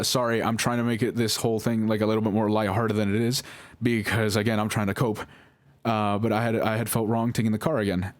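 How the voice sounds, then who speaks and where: A young man tells a personal story in a loose, rambling way, apologizing and restarting often. His voice sits on the low side. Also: no room sound. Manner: rambling, apologetic, many fillers. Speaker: vlogger. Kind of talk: casual storytelling.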